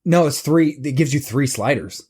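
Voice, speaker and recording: A man's voice: medium pitch, moderate pace, darkish tone, husky. A man co-hosting a casual comedy podcast, telling a loose, rambling story. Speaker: podcast co-host.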